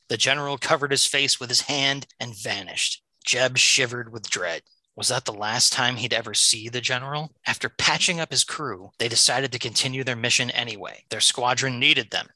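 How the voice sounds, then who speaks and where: A man's voice: medium pitch, moderate pace, sharp tone, no echo, rough recording. A man co-hosting a comic book podcast, talking enthusiastically and reading a story synopsis aloud. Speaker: podcast co-host.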